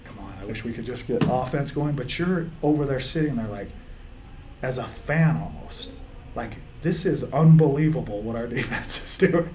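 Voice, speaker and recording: A man's voice: mid-range voice, warm tone. A man, a football coach, speaking in an interview, rambling with restarts and reliving his team's season. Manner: gets choked up, laughs through tears. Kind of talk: emotional interview reflection.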